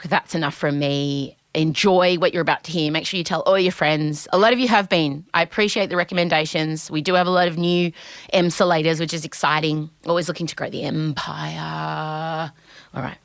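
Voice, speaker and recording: A woman's voice: low-pitched, fairly even intonation, vocal fry, no room sound, studio quality. A woman, hosting a comedy podcast in a playful, riffing way. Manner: playful, riffing, quick to laugh. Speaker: podcast host. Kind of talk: casual comedic chat.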